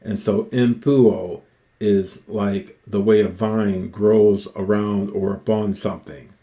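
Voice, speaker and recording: A man teaching ancient Greek, reading Homer slowly and stopping to explain each word. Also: lowish voice, dark tone. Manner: slow, deliberate, repeats and parses each word.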